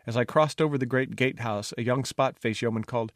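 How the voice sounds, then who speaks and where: A man's voice: mid-range voice, fast talker, hardly any pauses, no echo, clean studio sound. Wry man reading an audiobook. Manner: wry, expressive, doing character voices. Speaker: audiobook narrator. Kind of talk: scripted narration.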